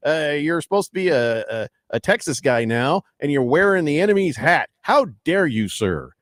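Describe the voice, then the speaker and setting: A man's voice: on the high side, sing-song, normal speed, a bit bright, dry recording, studio quality. A man voicing an outraged adult male sports fan who scolds indignantly.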